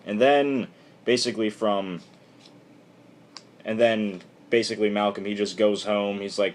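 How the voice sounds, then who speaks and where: A low-voiced man talks through a comic book issue in a loose, rambling vlog. His retelling is irreverent and animated, full of quick asides. A faint hiss sits behind him. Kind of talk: casual comic recap vlog.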